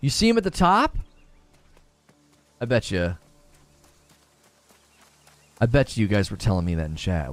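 Male streamer, casual chat, self-mocking, lively swings in pitch. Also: unhurried, pauses often. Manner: chatty, self-mocking, restarts often. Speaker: game streamer. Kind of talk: casual livestream chat while playing.

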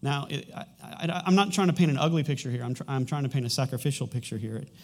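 A man's voice: mid-range voice, fast talker. A man in his thirties preaching a sermon as a pastor, talking conversationally with frequent restarts and a light humorous touch.

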